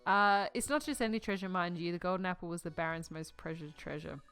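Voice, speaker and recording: A woman's voice: fairly low pitch, fast, a bit bright, clear, resonant tone, faint music behind. A woman voicing a polite elderly male caretaker who builds robots, her put-on accent drifting as she reads. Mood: formal. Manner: accent keeps shifting.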